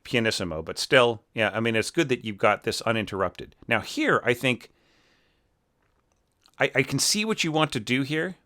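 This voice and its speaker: A man's voice: lowish voice, pushed and bright. A middle-aged man critiquing an orchestral score in a casual, chatty way, full of fillers and sung-out musical phrases. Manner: chatty, filler-heavy, sings phrases with nonsense syllables. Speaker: orchestration teacher giving feedback.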